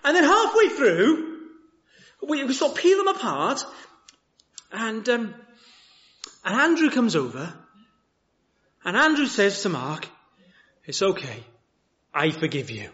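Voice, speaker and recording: Male preacher, high animated voice, rhetorical questions, muffled lo-fi church recording. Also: slow pace, pauses often. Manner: lively, many rhetorical questions, restarts. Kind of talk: sermon. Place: church chapel.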